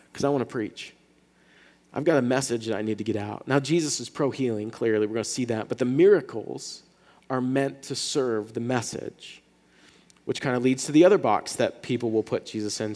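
A man preaching a sermon as pastor, talking in a casual, animated way and often restarting his words. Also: mid-range voice, in a large hall.

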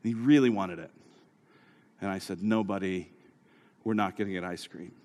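A male pastor preaching a sermon who moves from quiet storytelling to raised, urgent exhortation. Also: deep voice, moderate pace. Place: church hall. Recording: live sermon with long hall reverb.

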